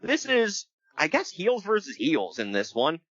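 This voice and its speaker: Animated bright-voiced man, dry lo-fi mic. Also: on the high side, slightly rough, no echo. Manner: animated, jokey, does quick voices for quotes. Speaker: podcast co-host recapping wrestling. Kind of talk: casual chat. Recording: dull lo-fi sound.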